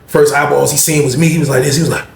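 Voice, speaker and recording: A man telling a profane, vivid story out loud, acting out scenes and humming sound effects between lines. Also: a little high, fairly even intonation, rapid-fire, vocal fry. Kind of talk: animated street storytelling. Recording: roomy echo.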